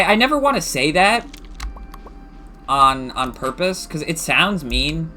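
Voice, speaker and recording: A man's voice: medium pitch, bright, forceful tone, slight background noise. A man streaming a farming game, chatting casually and musing aloud as he rambles.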